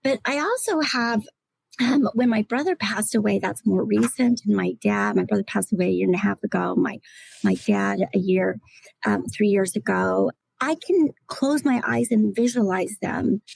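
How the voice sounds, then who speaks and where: A middle-aged woman talks in a reflective, halting way as a podcast panel guest. Her voice is husky and strongly gravelly, set a little high. The recording is dry and close. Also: darkish tone, dry recording, rough recording. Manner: reflective, halting, at times emotional. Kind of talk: casual chat.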